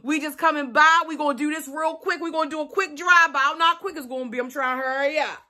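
Bright, high-voiced chatty woman vlogger. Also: fairly even intonation, fast talker. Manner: chatty, playful, talks straight to viewers with lots of repetition. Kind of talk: casual chat to camera.

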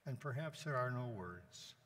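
A priest leading a gentle guided meditation during a homily, pausing often between phrases. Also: male voice, mid-range voice, expressive. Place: church. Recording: long church reverb.

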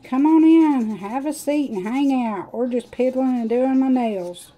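Live-stream host, woman, country twang, warm mellow tone, rambling chatty demo talk. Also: high voice, unhurried, low-quality recording. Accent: Southern US country twang. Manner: chatty, rambling, talks to viewers while working. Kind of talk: casual live demo chat.

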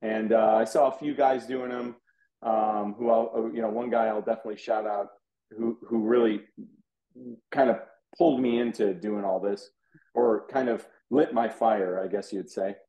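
A man tells his story in a mellow, relaxed voice, casual and animated, and acts out both sides of the conversations he describes. The sound is echoey, as if he were in a bare room on a video call. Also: lowish voice, moderate pace, muffled recording. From Houston, USA. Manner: animated, acts out quoted dialogue. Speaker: interview guest, card collector.

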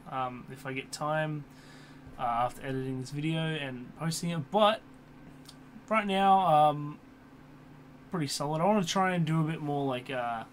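Young male vlogger, casual and rambling, swears a lot, fan hum in the room. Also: a little high. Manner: swears often, many fillers and restarts. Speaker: YouTuber. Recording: computer fan hum in background.

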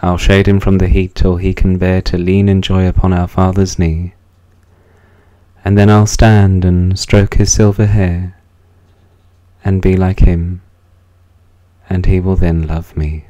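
A man reciting poems in a solemn, measured way, letting the ends of lines fall softly. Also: low-pitched, little pitch movement. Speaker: poetry reader. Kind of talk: slow, measured poetry recitation.

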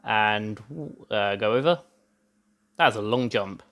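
This young man hosts a let's play, delivering gameplay commentary in a chatty, rambling style, constantly interrupting himself and restarting. He sounds hot, sweaty, and a bit out of breath. His voice is fairly low, a little slow, and slightly bright.

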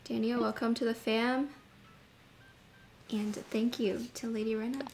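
A young woman streaming a video game, chatting to her viewers in a casual, gushing, easily excited way. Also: fairly high pitch, unhurried, creaky, noisy background. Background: game music.

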